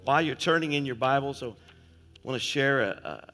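A man preaching as a visiting minister in a church through a face-worn mic, fervent, rising to shouts and dropping soft. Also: medium pitch, normal speed. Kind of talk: sermon. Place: church sanctuary. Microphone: face-worn headset microphone. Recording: long hall reverb with faint instrument music.

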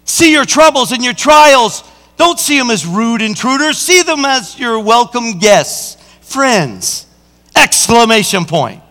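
A man, a senior pastor, preaching a sermon with emphatic delivery that rises toward near-shouts, recorded in a reverberant church hall. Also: very high voice.

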